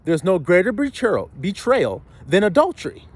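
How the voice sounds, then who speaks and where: A man delivers a blunt, profane sermon, firing question after question at his listeners. His pitch leaps high and drops low as he builds each point. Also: big pitch swings, fairly quick. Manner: blunt, profane street preaching with rhetorical questions. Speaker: preacher.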